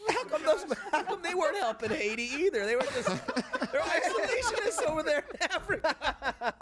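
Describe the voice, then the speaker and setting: Male co-host, high voice with wild swings in pitch, crude wisecracks, laughs a lot. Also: big pitch swings, moderate pace, a loud crowd, very noisy. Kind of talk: comedic panel banter.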